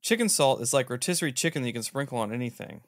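Animated male podcast host, dry sound. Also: medium pitch, very fast, dry recording. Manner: animated, incredulous teasing. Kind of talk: casual chat.

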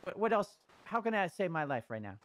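A high-voiced man talks fast and frantically, pleading for his life and swearing nonstop. The sound is dry and close. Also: sing-song, a bit bright, dry recording. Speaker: roleplay character Stevie. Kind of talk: heated improvised roleplay.

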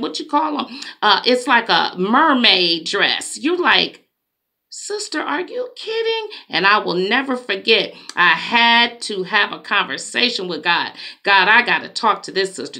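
Slow, bright-voiced woman preaching. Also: a little high. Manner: slow, emphatic, conversational preaching with dramatic asides. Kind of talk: preaching monologue.

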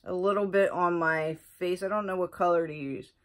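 A woman beauty vlogger chats casually through an unboxing, gushing over the products with excitable exclamations. Her voice is lowish and her pace moderate.

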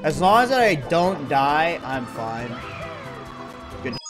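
Streamer man, unhurried and giggly, with a lively swinging pitch. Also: music in the background. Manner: giggly, breaks into fits of laughter; drops into a low, hushed mock-serious voice. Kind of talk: casual livestream chat while gaming.

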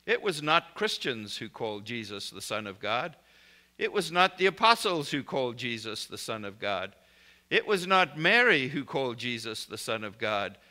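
Bright-voiced emphatic male preacher. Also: on the high side. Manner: prays and speaks blessings over listeners. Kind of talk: recorded sermon.

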